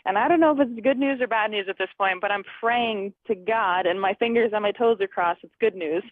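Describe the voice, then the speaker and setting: A woman's voice: medium pitch, a little fast, hardly any pauses, no room sound. A young woman in her twenties, a fighter guest, chatting on a phone call, laughing often and acting out conversations. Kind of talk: phone interview. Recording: tinny phone line.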